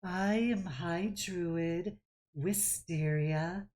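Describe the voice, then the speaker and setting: A woman's voice: lowish voice, extremely slow. A woman putting on a serene, soothing druid lady. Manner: super calm, soothing. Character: serene, gentle plant-like female high druid.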